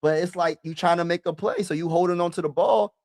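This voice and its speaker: A young man streaming a casual, slangy sports chat, talking to his viewers and now and then shouting and laughing. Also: high-pitched, fast talker, no echo, studio quality. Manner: animated, slangy, says bro a lot, shouts and laughs.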